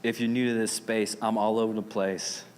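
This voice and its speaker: A man in his thirties from Arizona, preaching a sermon as pastor with animated, dramatic storytelling and playful asides. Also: lowish voice, moderate pace. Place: church sanctuary. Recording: reverberant hall with faint noise.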